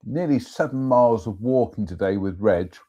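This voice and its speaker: A man's voice: fairly low pitch, lively intonation, normal speed, mellow. A man hosting a live stream, reading ghost stories aloud and chatting with self-mocking asides.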